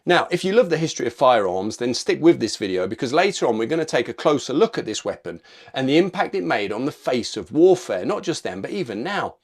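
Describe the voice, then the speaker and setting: A man's voice: medium pitch, very animated, fast. A man narrating a military history video in a punchy, informal scripted style with casual asides.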